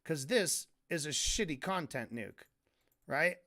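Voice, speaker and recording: Exasperated male streamer, high voice, sarcastic rant. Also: animated, takes it slowly, sharp tone. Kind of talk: casual commentary rant.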